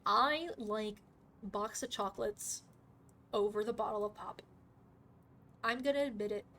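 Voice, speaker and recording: Slow-talking swearing woman streamer. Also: medium pitch, a little hiss or hum. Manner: chatty, swears often, talks to chat; excitable reactions, sudden outbursts. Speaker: live streamer. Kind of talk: live gaming commentary.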